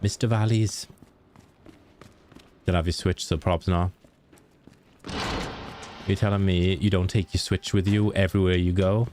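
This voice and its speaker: A man's voice: low-pitched, level tone, a little slow, long pauses, darkish tone, slight background noise. A man with a Welsh accent, a game streamer chatting casually and jokingly with his viewers. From Wales. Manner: chatty, joking, laughs easily. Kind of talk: casual chat with viewers while gaming.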